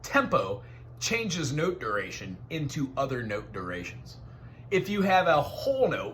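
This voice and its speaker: A man's voice: mid-range voice, sing-song, unhurried, noisy background. A man teaching a one-on-one music lesson, explaining patiently and counting beats aloud.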